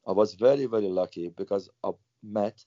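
Low-voiced older man, halting. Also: warm tone, no room sound. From Iran. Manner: halting, repeats words, non-native phrasing. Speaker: former footballer, guest. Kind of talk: interview storytelling. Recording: dull lo-fi sound.

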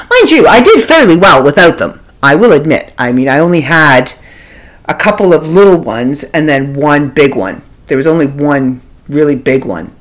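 Lively storytelling woman from Canada. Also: low-pitched. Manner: animated, laughs often, acts out quoted voices. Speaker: podcast host. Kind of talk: casual storytelling monologue. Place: home studio.

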